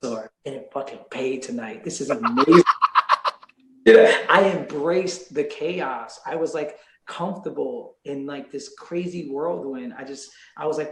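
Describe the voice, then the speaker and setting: Laid-back swearing rapper guest, echoey room. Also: male voice, medium pitch, normal speed. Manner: laid-back, swears freely, many fillers. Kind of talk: casual interview talk.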